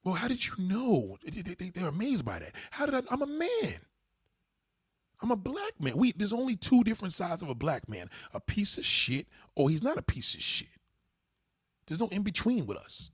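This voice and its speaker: Man, livestream host, profane scolding rant, very lively pitch, dry sound. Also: moderate pace, slightly rough, dry recording. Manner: swings from low mutters to high outbursts. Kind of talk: ranting monologue to a live chat.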